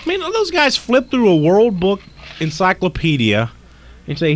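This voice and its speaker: A man's voice: high voice, wildly swooping pitch, moderate pace. Rambling, mocking late-night radio co-host man. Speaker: radio talk show co-host.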